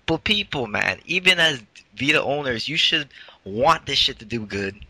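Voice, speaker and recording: A man's voice: medium pitch, animated, normal speed, bright, forceful tone, poor audio. A man hosting a casual gaming podcast, ranting animatedly and swearing freely. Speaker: podcast host.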